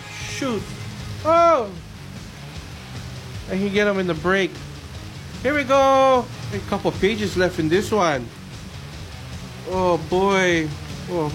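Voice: medium pitch, lively intonation, measured pace, long pauses, music in the background, poor audio. A local show host chatting casually and reading Halloween poems aloud in a rambling, sing-song way.

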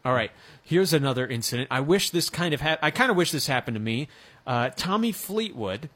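A man's voice: on the high side, animated, brisk, a bit bright. A man hosting a sports radio show, chatting casually and joking, with frequent restarts.

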